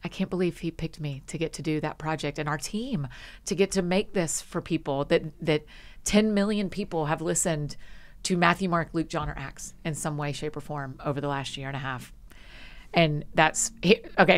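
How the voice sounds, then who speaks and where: A woman guest on a podcast, chatting casually and telling stories with animated energy and quick asides. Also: low voice. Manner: frequent laughs and quick asides. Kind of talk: casual conversation.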